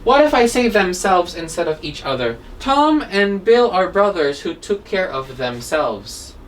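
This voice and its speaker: A woman's voice: on the low side, big pitch swings, a little slow. A woman teaching an English grammar lesson, explaining step by step and asking rhetorical questions. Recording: distant mic with faint background noise.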